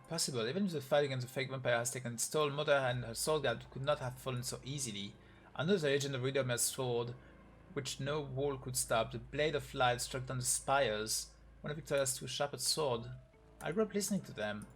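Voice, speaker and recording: On a live stream, a man with a medium-pitched voice reads a game's story aloud at a brisk pace, faint music behind him. He voices every character himself and grows emotional.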